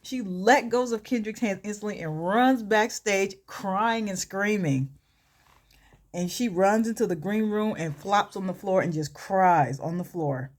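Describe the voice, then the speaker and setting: A woman's voice: medium pitch, measured pace. A woman casually telling a story during a makeup tutorial, chatty and full of fillers, with asides to herself as she works. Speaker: vlogger and storyteller.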